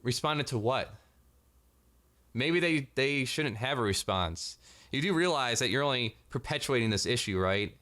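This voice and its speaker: A man's voice: medium pitch, animated, moderate pace, sharp tone. Sarcastic, profane man ranting. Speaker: vlogger. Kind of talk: commentary rant.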